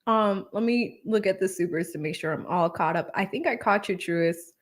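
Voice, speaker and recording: A woman's voice: mid-range voice, moderate pace. A woman hosting a casual livestream, laughing often and reading viewer comments aloud. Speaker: livestream host. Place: Atlanta.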